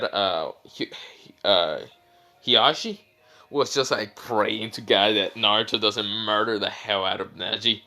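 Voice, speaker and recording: A man's voice: fairly low pitch, bright, forceful tone. A young man casually retelling a fan story. He rambles with many fillers and self-corrections.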